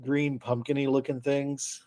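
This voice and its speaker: A man's voice: medium pitch, level tone, a little slow, warm tone. An easygoing, joking man playing a character in a tabletop game. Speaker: player. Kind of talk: tabletop role-play chat.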